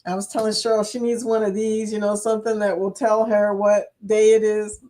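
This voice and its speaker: A woman with a Kentucky accent hosts a casual livestream, chatting away, reading viewer comments aloud and laughing often. Her mid-range voice is mellow and fairly quick, with a flat delivery.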